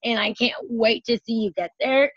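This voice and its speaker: A woman's voice: a little high, fairly even intonation, moderate pace, husky, dry recording. Effusive woman on dull, dry call audio. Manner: effusive, emotional, folksy. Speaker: team leader. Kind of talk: heartfelt tribute on a video call.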